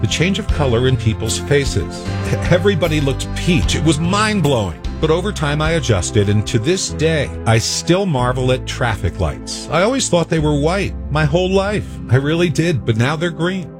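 A man tells a short radio news story, his voice rising and falling in a lively way. He has a wry manner. Music plays clearly behind him. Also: on the high side, moderate pace.

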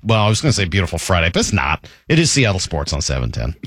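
A man's voice: low-pitched, sing-song, fast, fairly bright tone, no room sound, studio quality. A man co-hosting a sports radio show, chatting casually and joking, sometimes defensive.

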